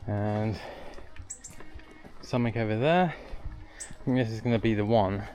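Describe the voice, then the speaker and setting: Low-voiced man chatting on a road trip. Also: a little slow, warm tone, a little hiss or hum. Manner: chatty, rambling, jokey asides. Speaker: travel vlogger. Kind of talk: casual travel vlog narration. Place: outdoors at hilltop villages and viewpoints.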